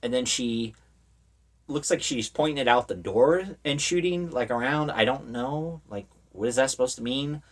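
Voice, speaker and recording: A man's voice: mid-range voice, moderate pace. A man talks through a film in a casual, off-the-cuff review, retelling the plot in loose, meandering sentences full of fillers. He keeps slipping in wry, sarcastic asides about how little sense it all makes. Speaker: horror movie reviewer. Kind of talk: casual spoken movie review.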